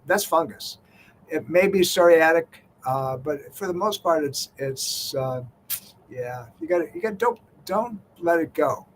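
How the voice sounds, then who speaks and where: An older man holds forth on a radio health show, easygoing and folksy, leaning on "you know" as he goes. His voice sits a little high for a man. A faint noise hums under the recording. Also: fairly bright tone. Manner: folksy, conversational, many "you know" fillers. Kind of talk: talk radio monologue.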